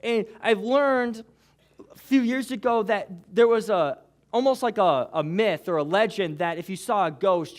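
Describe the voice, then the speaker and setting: A male pastor giving a sermon in a casual, conversational way, telling the story with lively asides. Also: on the high side.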